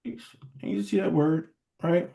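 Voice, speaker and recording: A man teaching a casual online Bible study, speaking in a loose, halting way and often checking in with his listeners. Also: high voice, creaky, mellow. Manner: conversational, keeps checking in with listeners with "all right?" and "beloved"; loose, halting phrasing with restarts.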